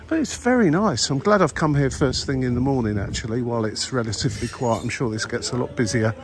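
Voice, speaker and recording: An older man with a husky voice from a cold, walking outdoors and commenting wryly on the sights, with many uhs. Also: mid-range voice, quick pace, slight background noise. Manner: rambling, wry, many ums and uhs. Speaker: vlogger. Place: outdoors in an old town street.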